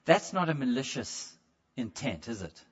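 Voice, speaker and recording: A man's voice: medium pitch, very animated, moderate pace, lo-fi sound. A man preaching a sermon in a conversational way, stumbling over repeated words and putting questions straight to the congregation. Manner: asks the congregation direct questions.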